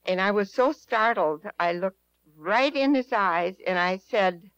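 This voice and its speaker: A woman's voice: mid-range voice, unhurried, a bit bright, clear, resonant tone, no room sound, highs cut off. A woman telling a personal testimony to an audience in an earnest, emphatic way, repeating her key phrases. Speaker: speaker at a prayer teaching session.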